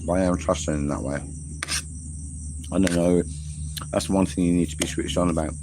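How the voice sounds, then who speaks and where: On a casual livestream, a very deep-voiced travel vlogger rambles chattily, talking through mouthfuls of food at a slightly fast clip with fairly even intonation. He's somewhere on the road in Southeast Asia with the camera placed in front of him, and insect and traffic noise fill the air.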